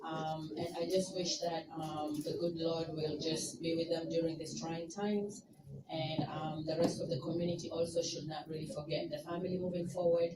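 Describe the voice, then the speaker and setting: A woman speaking at a memorial, halting and soft with fillers. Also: sits low, flat delivery. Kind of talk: tribute speech. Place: indoor event hall. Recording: echoey hall from far off with loud noise.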